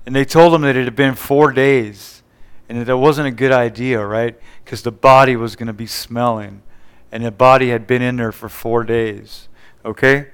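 A man's voice: mid-range voice, fairly even intonation, moderate pace, fairly bright tone, smooth. A man preaching a sermon, retelling scripture scenes with quoted dialogue and frequent call-and-response asides.

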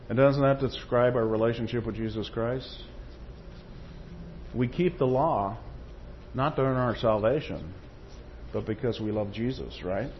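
A man's voice: mid-range voice, a little slow, pauses often, muffled recording, slight background noise. A man preaching a sermon, reading quotations with rising force and checking in with the congregation. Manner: tag questions to the congregation.

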